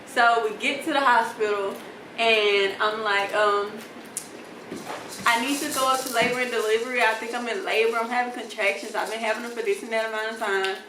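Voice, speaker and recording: Young woman vlogger, lively storyteller, roomy sound with the mic a little away. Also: on the high side, brisk, recorded from a distance, slight background noise. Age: young adult. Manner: animated, acts out voices in quotes, laughs often. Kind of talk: casual storytime.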